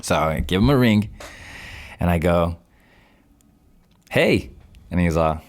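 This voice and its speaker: A man's voice: low voice, lively intonation, slow pace, long pauses. A man in his twenties, a podcast guest, telling a story in casual talk and acting out his own past phone calls. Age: 20s. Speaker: podcast guest, real estate investor.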